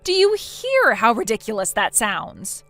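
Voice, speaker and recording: A stern, lecturing young woman, as a synthetic voice puts her on, blunt and fed up with her friend's excuses. Her voice sits a little high and swings widely in pitch. Soft music plays faintly underneath the text-message story. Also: wildly swooping pitch, a little slow, full character voice. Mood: scolding. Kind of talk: text-to-speech text story narration.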